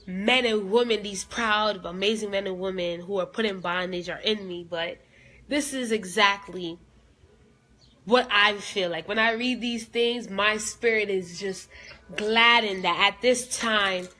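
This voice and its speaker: Woman, live-stream host, bright and forceful, fervent preacher-like delivery, soft to emphatic. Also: medium pitch, a little hiss or hum, rough recording. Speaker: vlogger hosting a live video. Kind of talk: impassioned live-stream commentary.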